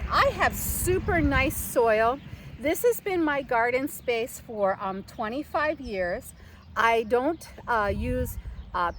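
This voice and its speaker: Speaking to a self-positioned camera she angled herself, an older woman chats loosely about how to do something in her home garden, restarting often and leaning on fillers. Her voice is high. Poor audio carries a slight hiss or hum.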